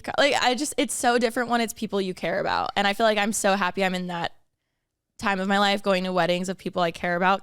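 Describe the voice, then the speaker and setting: A woman's voice: medium pitch, fairly bright tone, clear, resonant tone, no echo, studio quality. A woman co-hosting a podcast, chatting casually in an emotional, giggly way. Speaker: podcast co-host. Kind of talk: casual chat.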